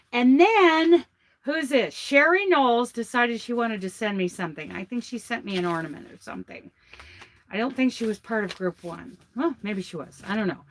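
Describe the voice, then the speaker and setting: A woman's voice: medium pitch, fairly bright tone. A woman hosting her crochet vlog, chatting and gushing over handmade gifts from a truck. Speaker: vlog host. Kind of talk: casual chat showing crochet gifts. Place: inside a truck.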